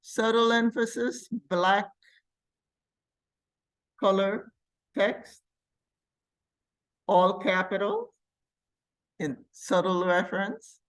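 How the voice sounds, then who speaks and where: A woman teaching a computer class, walking students through software step by step and thinking aloud as she clicks. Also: mid-range voice, animated, drawn-out words, long pauses. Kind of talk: live classroom software demonstration.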